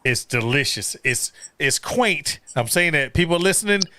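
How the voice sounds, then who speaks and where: A man hosting a casual live podcast chat, rambling and profane and quick to laugh. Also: mid-range voice, animated, pushed and bright, a little hiss or hum. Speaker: podcast host.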